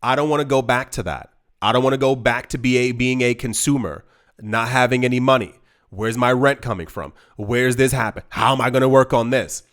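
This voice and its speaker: In a fairly quick, fairly bright voice of medium pitch, a man runs his crypto investing channel with a casual to-camera monologue. He rambles, restarting again and again, with an emphatic, pleading tone.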